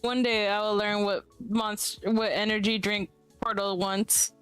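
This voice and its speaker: A woman joining a live stream who drops in quick teasing jokes at the host's expense. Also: mid-range voice, flat delivery, fairly bright tone, smooth, soft background music. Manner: teasing, quick joking interjections.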